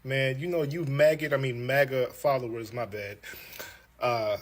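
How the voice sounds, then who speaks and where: A man's voice: medium pitch, steady tone, measured pace. A man ranting in a mocking, sarcastic way. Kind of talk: mocking social media rant.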